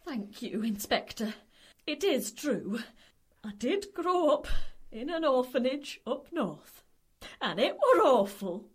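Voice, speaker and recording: A woman's voice: high voice, big pitch swings, slow pace, breathy edge, full character voice. A woman playing a pompous, swooping lady of the house. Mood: tearful. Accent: northern English, slipping through. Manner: theatrical, swooping, melodramatic. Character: pompous middle-aged woman hiding a northern past. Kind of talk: comedy radio drama.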